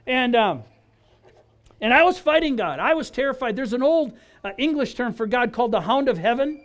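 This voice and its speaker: A man from Wisconsin giving his personal testimony in an animated storytelling style, acting out dialogue and restarting his phrases often. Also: very high voice, normal speed. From Wisconsin, USA.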